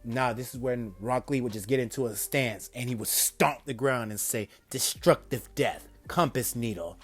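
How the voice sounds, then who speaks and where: A man casually narrating a fan-made story, excitable and often stumbling and correcting himself mid-sentence. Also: mid-range voice, moderate pace, faint music behind.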